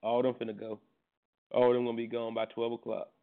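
A man hosting a casual morning talk show, talking in laid-back slang and laughing loudly. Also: mid-range voice, completely flat delivery, fairly quick, gravelly. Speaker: host. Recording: tinny phone-like audio.

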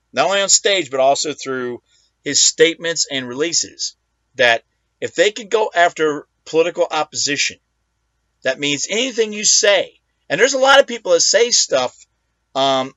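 A man's voice: a little high, bright, forceful tone, no room sound, highs cut off. A man hosting his own talk show, delivering a profane, combative political rant. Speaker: host.

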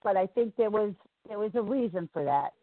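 A woman's voice: mid-range voice, lively intonation, a little fast, no room sound. A woman with a New York accent, a singer talking as an interview guest, chatty and rambling. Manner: chatty, rambling, laughs easily. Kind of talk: casual interview. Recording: tinny phone-like line, dry.

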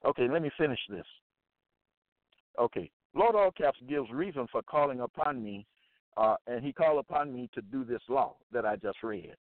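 A man preaching and reading Bible verses aloud, repeating phrases emphatically and deliberately. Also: medium pitch, lively intonation, no echo. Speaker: Bible teacher. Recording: dry tinny phone-like sound.

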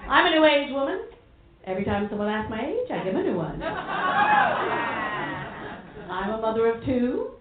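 A woman's voice: fairly high pitch, big pitch swings, moderate pace, pauses often, very noisy. A woman from New City, doing a stand-up comedy set with a brassy, playful manner and teasing the crowd. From New York City. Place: comedy club stage. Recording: echoey club, phone-like sound, crowd laughter. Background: audience laughing.

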